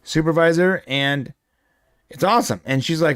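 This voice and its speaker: A man's voice: a little high, expressive, normal speed, no echo. Dry-sounding man chatting casually about TV. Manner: rambling, jokey, many restarts. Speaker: podcast co-host. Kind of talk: casual pop culture chat.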